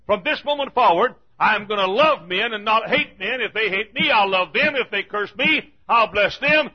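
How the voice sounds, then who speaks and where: A man preaching a fiery sermon in a church, repeating his lines and rising to shouts. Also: high voice, expressive, normal speed, few pauses, dull audio.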